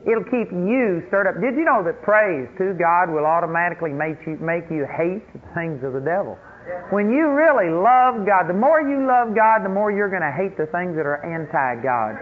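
A man preaching a sermon as pastor, emphatic and quick to act out the voices of complainers. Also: high voice. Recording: tinny phone-like radio broadcast, faint noise.

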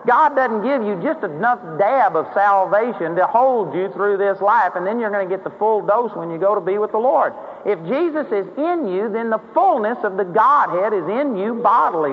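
A man's voice: high voice, animated, fairly quick, hardly any pauses, long reverb tail. A man preaching a sermon in a conversational way, rising into emphatic acted prayers. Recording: dull, hollow-sounding sermon recording with faint hiss.

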